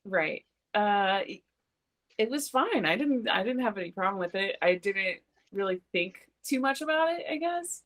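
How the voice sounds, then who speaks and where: A woman's voice: medium pitch, lively intonation, normal speed, fairly bright tone. A woman speaking as a guest on a casual movie podcast, easygoing and laughing a lot. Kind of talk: casual chat.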